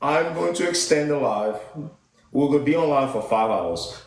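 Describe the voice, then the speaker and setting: Animated young man hosting a live stream. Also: medium pitch, normal speed, gravelly, roomy sound, background noise. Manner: animated, playfully exasperated, banters with the panel. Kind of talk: casual live-stream chat. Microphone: computer mic at a desk.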